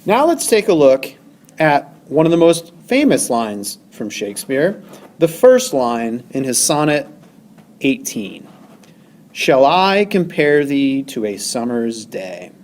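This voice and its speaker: Slow animated man teaching poetry. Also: mid-range voice. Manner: slow, stresses syllables and counts aloud. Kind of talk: recorded lecture over slides.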